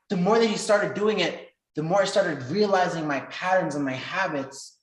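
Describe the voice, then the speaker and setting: Animated man telling a story in an echoey room. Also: fairly quick, few pauses. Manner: animated, acts out quoted dialogue with rising pitch and loudness. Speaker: workshop speaker. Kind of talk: personal storytelling talk. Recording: roomy echo.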